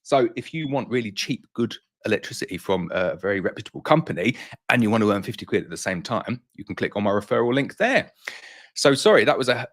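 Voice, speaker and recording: A middle-aged man with a British accent and a very deep voice chats loosely through a live stream. He talks off the cuff, doubling up words as he thinks aloud, and sounds a little out of breath. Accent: British English. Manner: chatty, repeats words while thinking aloud. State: slightly out of breath. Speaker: beekeeper hosting a live Q&A stream. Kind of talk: casual live-stream chat.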